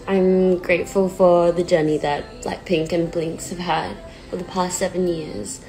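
A woman's voice: fairly low pitch, flat delivery, measured pace, hardly any pauses, warm tone, faint music behind, poor audio. A woman in her twenties talking on a phone livestream, nervous and near tears, hesitant and self-deprecating, with many fillers. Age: 20s. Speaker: pop singer on a livestream. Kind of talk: casual livestream chat. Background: sad song playing faintly.

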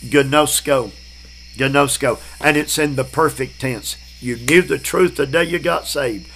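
Man, gravelly voice, slow emphatic bible-class preaching, slightly high pitch, faint hiss. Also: a bit bright, poor audio. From Southern United States. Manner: slow, emphatic, repeats key words. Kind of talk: Bible study sermon.

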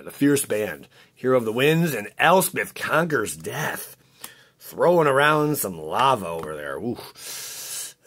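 Male host, lowish voice, chatty and stammering, casual pack-opening commentary. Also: fairly bright tone. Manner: chatty, rambling, frequent restarts and stammers. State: voice cracking. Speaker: card-opening channel host.

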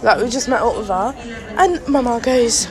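A woman's voice: fairly high pitch, animated, normal speed. A young woman with an English accent, vlogging casually and chatting in a giggly, storytelling way. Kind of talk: casual vlog chat. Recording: crowd noise around her.

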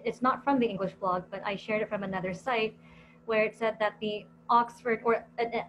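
A woman from the Philippines co-hosting a panel for English teachers, speaking in a thoughtful, measured way with fillers as she thinks. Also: fairly high pitch, lo-fi sound. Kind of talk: casual panel discussion. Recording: clear background hum.

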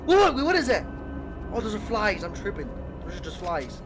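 A young adult streamer playing a horror game, jumpy and swearing, shouting in fright. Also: medium pitch, very animated, brisk. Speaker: gaming streamer. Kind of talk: horror gameplay commentary. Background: game music.

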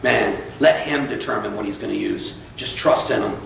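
A man's voice: medium pitch, normal speed, vocal fry, fairly bright tone, slight background noise. A man preaching a sermon with fervent exhortation and casual, joking asides to the congregation. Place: church sanctuary. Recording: echoey church captured from far off.

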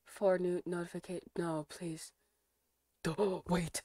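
A young American woman streams live, talking to her viewers in an unhurried, unrushed drawl. Her voice sits a little low. The desk mic sounds close and dry, with no room around it. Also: flat delivery, no room sound. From United States. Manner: swears freely, reacts out loud while browsing. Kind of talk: casual stream chat.

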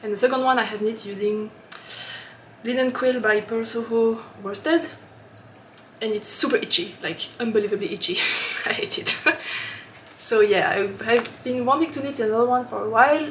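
A woman hosting a knitting podcast in a casual, chatty way, often laughing and pausing with ums. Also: fairly high pitch, fairly bright tone, roomy sound, slight background noise. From lives in Switzerland.

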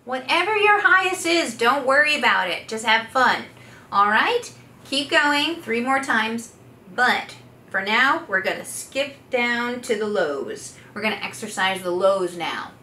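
A woman's voice: on the high side, lively intonation, unhurried. A woman, a voice therapist, coaching listeners through voice exercises and demonstrating each one aloud. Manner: coaching, demonstrating loud sustained vowels. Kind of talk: instructional voice exercise demo. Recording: echoey room, faint background noise.

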